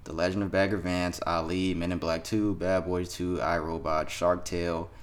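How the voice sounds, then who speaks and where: A man's voice: low-pitched, flat delivery, moderate pace. A man hosting a podcast, chatting loosely with lots of profanity and laughter. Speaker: podcast host. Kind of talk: casual chat.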